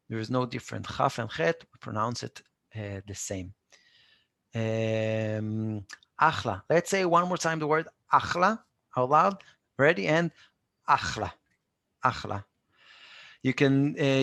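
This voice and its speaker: A man's voice: mid-range voice, gravelly, a bit bright, dry recording, studio quality. A man with an Israeli accent, a native Hebrew speaker, teaching a live online Hebrew lesson and patiently repeating words for learners.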